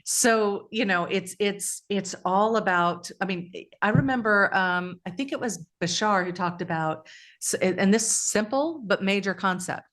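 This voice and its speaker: A woman's voice: medium pitch, unhurried, a bit bright. A woman co-hosting a casual spiritual podcast, talking in a reflective, storytelling way with frequent restarts. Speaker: podcast co-host.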